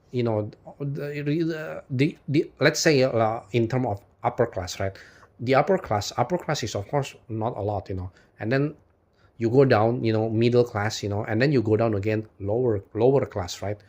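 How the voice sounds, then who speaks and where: A man's voice: mid-range voice, normal speed, darkish tone. A man delivering an unscripted philosophical monologue as a video host, rambling with constant "you know"s and restarts, swearing out of frustration and laughing between points. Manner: frustrated, swears and then apologizes.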